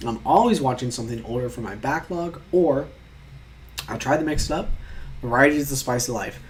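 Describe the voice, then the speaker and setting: A man's voice: mid-range voice, fairly quick. A young man chatting casually while taking online quizzes, reading questions aloud and rambling in mock-outraged asides, sometimes muttering.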